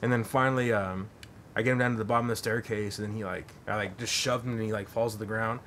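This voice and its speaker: A man's voice: on the low side, fairly even intonation, quick pace, a bit bright, a little hiss or hum. A man hosting a podcast, telling a long story in a rambling, profane way full of fillers. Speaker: podcast host. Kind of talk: casual storytelling.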